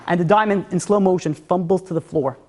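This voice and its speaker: A man, a rabbi, telling a story in an animated, conversational way. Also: high voice, brisk. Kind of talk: storytelling talk.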